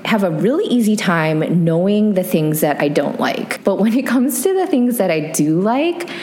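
A woman's voice: medium pitch, moderate pace, a little hiss or hum. A young woman co-hosting a casual podcast, chatting openly and laughing often at herself. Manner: laughs often, animated, self-deprecating. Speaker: podcast co-host.

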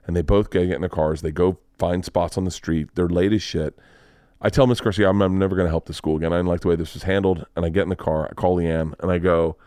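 A man hosting a podcast, telling a story in a casual, animated way, acting out the people he quotes and swearing freely. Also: deep voice, fast, no room sound, clean studio sound. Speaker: podcast host.

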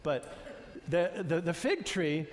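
Conversational preacher with hall reverb. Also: male voice, a little high, slow. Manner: conversational, animated retellings with many fillers and restarts. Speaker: pastor. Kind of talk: sermon.

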